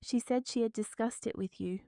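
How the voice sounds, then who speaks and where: A woman voicing a middle-aged mother who speaks in a sharp, reprimanding tone. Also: on the high side, moderate pace, no room sound, studio quality, lightly acted.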